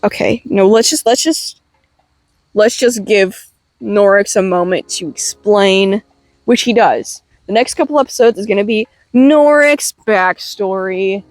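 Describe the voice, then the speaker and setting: A woman's voice: mid-range voice, a little slow, no room sound, soft background music. A young woman casually recapping a comic in a chatty way, full of "like" and casual swearing. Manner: chatty, swearing, filler-heavy "like". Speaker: webcomic reviewer.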